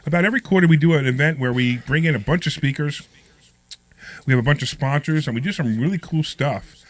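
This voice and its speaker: A man's voice: on the high side, fast talker. A man hosting a radio talk show, with a nasal voice and a cough from a cold, joking and rambling in a casual chat. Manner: joking, rambling, self-mocking. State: getting over a cold, coughing. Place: radio studio.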